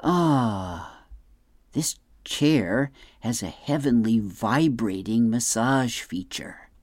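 A man voicing a contented middle-aged dad lounging in his easy chair, relaxed and lazy. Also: mid-range voice, very slow, dry recording, studio quality.

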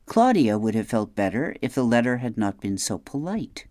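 A woman narrating a children's novel in a measured, gentle storytelling manner. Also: rumbling low, big pitch swings, no echo, clean studio sound. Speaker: audiobook narrator. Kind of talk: scripted narration.

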